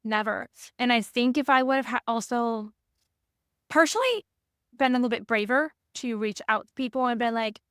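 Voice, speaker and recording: A woman's voice: on the high side, fairly quick, a bit bright, clear, resonant tone, no room sound, studio quality. A woman hosting a podcast, talking in a loose, rambling way with many restarts. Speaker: podcast host. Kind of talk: casual conversation.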